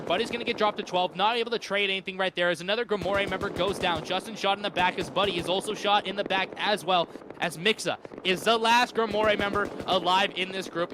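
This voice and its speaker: A man casting a clan battle with excited, slangy play-by-play commentary. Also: sits high. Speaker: esports caster. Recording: game gunfire noise behind.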